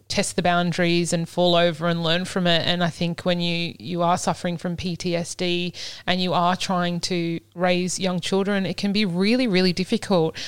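A woman's voice: on the low side, clear, resonant tone, no echo. A woman co-hosting a podcast, talking candidly and casually with lots of fillers. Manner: candid, chatty, many fillers. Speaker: podcast co-host.

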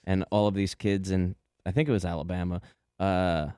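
A man's voice: low-pitched, level tone, moderate pace, mellow, smooth, dry recording. A man co-hosting a casual chat, wry and dry, steering the talk with questions.

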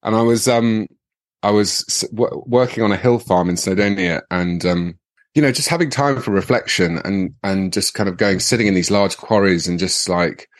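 A deep-voiced English man in his forties tells a long personal story in a rambling, easygoing way, full of fillers, restarts and laughs. The sound is close and dry, with no room around it. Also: normal speed, dry recording. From England. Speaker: podcast guest. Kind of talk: casual storytelling.

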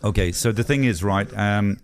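A man's voice: on the low side, moderate pace, smooth. Brash sweary male podcast host. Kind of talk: comedy podcast banter.

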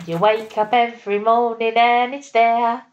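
A woman's voice: fairly high pitch, level tone, a little slow, lo-fi sound, background noise. A woman co-hosting a podcast, chatting casually and joking about a TV series. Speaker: podcast co-host. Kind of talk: casual chat reviewing a TV series.

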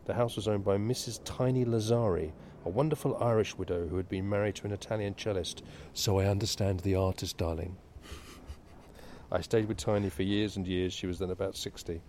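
A man's voice: lowish voice, fairly even intonation, fairly quick, warm tone, slight background noise. A man co-hosting a podcast, chatting casually and playfully on a walking tour outside on a residential street. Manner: playful, banters and jokes. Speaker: podcast co-host. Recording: recorded outside with street ambience.

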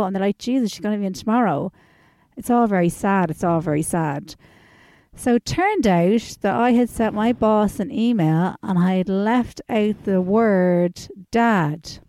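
An Irish woman chats on a podcast, telling a lively story and putting on the voices of the people in it. Her tone is mellow and warm. The sound is close and dry, with no room around her. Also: medium pitch, dry recording. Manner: animated storyteller, acts out quoted voices. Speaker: podcast co-host. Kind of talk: casual chat.

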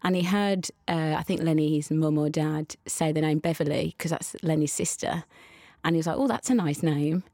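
Interview guest: young woman, Black Country accent, lowish voice, warm chatty delivery, dry close sound. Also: level tone, normal speed, no room sound. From West Midlands, England. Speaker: guest, children's TV presenter. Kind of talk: casual conversational interview.

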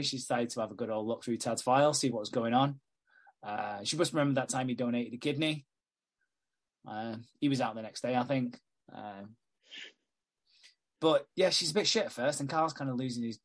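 A man on a casual podcast, swearing often and laughing easily as he retells a soap episode and acts out its characters' lines. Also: mid-range voice. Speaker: podcast host. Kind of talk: casual chat, recapping a soap.

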